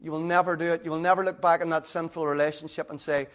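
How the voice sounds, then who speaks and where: A man's voice: on the high side, flat delivery, quick pace, fairly bright tone. A man preaching a sermon in an earnest, conversational way, full of rhetorical questions.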